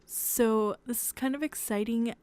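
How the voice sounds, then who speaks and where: A young woman hosting her own podcast at home at night in a hushed, half-whispered voice, rambling and giggly and correcting herself as she chats casually. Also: a little high, unhurried, clear, resonant tone. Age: young adult. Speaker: podcast host.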